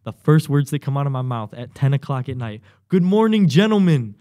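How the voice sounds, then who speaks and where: A young man, a podcast guest and new Marine, telling a story in casual talk, swearing a lot and loudly acting out what people said. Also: medium pitch, quick pace. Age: young adult. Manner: animated, swearing, acts out quotes loudly. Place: podcast studio.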